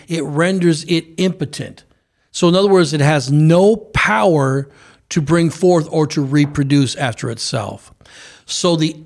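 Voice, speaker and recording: A man preaching on a broadcast program, speaking fervently with frequent restarts. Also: on the high side. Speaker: preacher and co-host.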